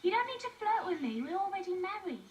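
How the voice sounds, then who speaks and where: An actress playing a cheeky young maid and wife who speaks in a quick, teasing way. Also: female voice, very high-pitched, sing-song, slight background noise. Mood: playful teasing.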